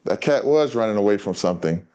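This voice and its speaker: A man reading aloud an eager little girl in a children's story, a bit louder and livelier. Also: on the low side, expressive, fast, clear, resonant tone, close to an everyday voice. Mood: excited.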